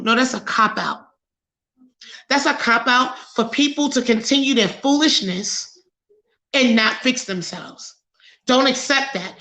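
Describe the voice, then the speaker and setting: A woman hosts a casual talk show. Her voice sits fairly high and she talks in an unhurried way. She is animated and preachy, laughs a lot, and sounds overheated and sweaty under studio lights. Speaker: podcast host.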